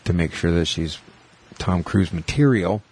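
A man's voice: low voice, animated, a little mellow, slightly rough. A man co-hosting a podcast, rambling through stories and laughing easily in casual chat. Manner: rambling storyteller, quick laughs. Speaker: podcast co-host.

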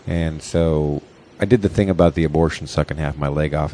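A man's voice: rumbling low, brisk, hardly any pauses, warm tone. A man hosting a casual comedy podcast, crude and joking, laughing often as he talks. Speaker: podcast host and stand-up comic.

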